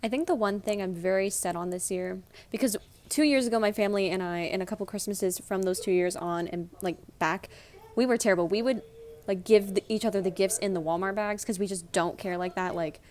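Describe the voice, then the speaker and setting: A woman in her twenties chatting casually in a vlog, talking fast and rambling a little, as she does when nervous. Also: medium pitch, a little mellow, a little hiss or hum. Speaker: vlogger. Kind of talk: casual chat.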